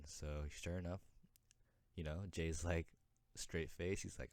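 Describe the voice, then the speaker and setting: A man hosting a casual sports recap, chatty, voicing the players' reactions in quick asides. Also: very deep voice, steady tone, mellow, dry recording. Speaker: host, sports commentator.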